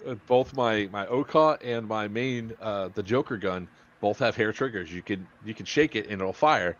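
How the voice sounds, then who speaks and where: Lower-pitched man, rambling podcast host. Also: normal speed. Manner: rambling, swearing, laughing storyteller. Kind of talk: casual group chat. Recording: muffled lo-fi podcast audio.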